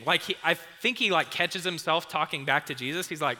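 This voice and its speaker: A youth pastor giving a casual, chatty sermon and acting out the scenes. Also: male voice, a little high, brisk, hardly any pauses, sharp tone, long reverb tail. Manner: chatty and conversational, acts out scenes.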